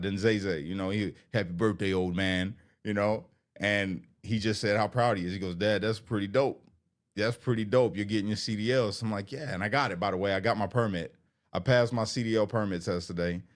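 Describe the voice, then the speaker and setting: A man talks candidly to camera in an earnest, heartfelt way, often repeating himself. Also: on the low side. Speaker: vlogger.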